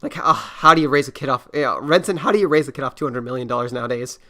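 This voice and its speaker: A man's voice: mid-range voice, fast talker, sharp tone. A man hosting a casual reaction podcast, rambling and swearing freely. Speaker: podcast host.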